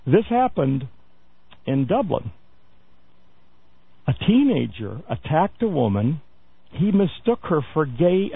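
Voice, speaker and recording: A man hosts a talk radio news segment in a rough, gravelly voice. He stumbles through fillers and restarts and throws in wry asides. The sound is thin and boxy, like a phone-line broadcast. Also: medium pitch. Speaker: radio show host.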